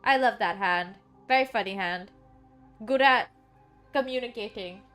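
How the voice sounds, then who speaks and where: A woman's voice: mid-range voice, measured pace, a bit bright, soft background music. A woman streamer giving casual, joking gameplay commentary, chatty and sometimes swearing.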